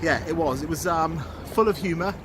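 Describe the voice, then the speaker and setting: A man's voice: fairly high pitch, a little fast, noisy background. A man giving a casual vlog review of a theatre show, talking in a rambling, chatty way with frequent restarts. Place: outdoors walking uphill, then in a car.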